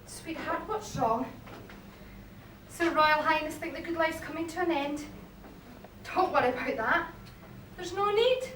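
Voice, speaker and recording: A woman's voice: sits high, unhurried, long pauses. A woman playing a nosy, teasing female servant in an amateur stage play, recorded from far off in an echoey hall. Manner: teasing and prying. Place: theatre stage. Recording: echoey hall from far off, noisy VHS tape.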